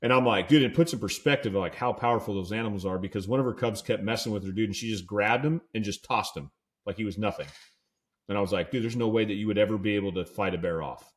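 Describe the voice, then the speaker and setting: A man with a somewhat low voice tells an outdoors story in a loose, casual podcast way. He fills his talk with "dude" and "like" and briefly acts out the quoted lines of his companions. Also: fast. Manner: laid-back storyteller who acts out quoted dialogue. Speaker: podcast co-host.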